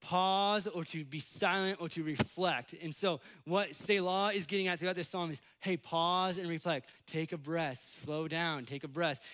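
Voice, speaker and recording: An American man preaching a sermon in church, animated, acting out the voices he quotes. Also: fairly high pitch. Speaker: pastor. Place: church sanctuary.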